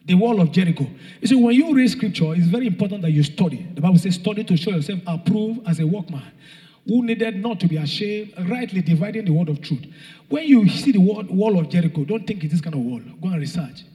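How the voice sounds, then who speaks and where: A young man preaching a rousing sermon, shouting and half-singing phrases and calling out to the congregation. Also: high-pitched, lively intonation, fast talker. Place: church hall. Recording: long hall reverb.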